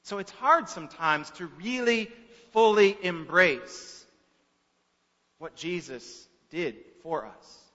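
Forceful slow-speaking male preacher. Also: sits high, expressive. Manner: slow, with long pauses and shifts from soft to loud. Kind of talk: sermon with dramatic storytelling. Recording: echoey hall, dull lo-fi sound.

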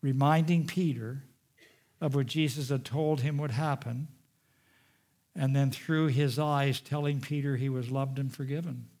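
A man preaching a sermon, retelling a scripture story with dramatic swings from raised, urgent delivery to hushed, quiet passages. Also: medium pitch, steady tone, unhurried. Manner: dramatic storytelling, rising loud and dropping hushed.

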